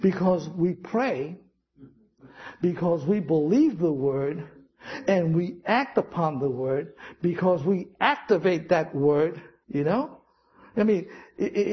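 High-voiced man preaching with stories. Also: lo-fi sound. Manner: storytelling with acted-out quotes, chuckling. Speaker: pastor. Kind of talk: sermon.

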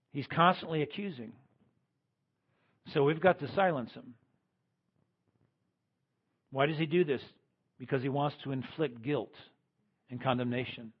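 A man preaching a sermon as pastor, swinging between loud emphatic lines and quiet ones. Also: fairly high pitch, muffled recording.

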